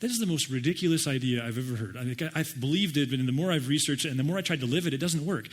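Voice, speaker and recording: A middle-aged man preaching a sermon and telling personal stories with animated, self-deprecating humor. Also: mid-range voice, very fast, slightly rough. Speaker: pastor.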